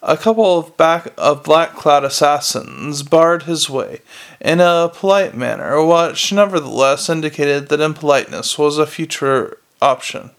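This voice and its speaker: A man's voice: on the high side, measured pace, gravelly. A man narrating a novel aloud in a plain, unpolished reading with frequent restarts. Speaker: audiobook reader.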